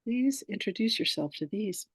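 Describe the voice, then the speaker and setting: A woman hosting a spiritual workshop, talking casually with affection and telling stories in an animated way. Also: mid-range voice, moderate pace, slightly rough, dry recording. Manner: affectionate, animated storyteller who greets people warmly.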